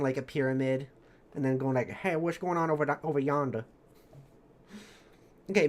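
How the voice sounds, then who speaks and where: A streamer reading a story recap of a tabletop campaign, chatty and rambling. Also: medium pitch. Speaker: streamer narrating campaign lore.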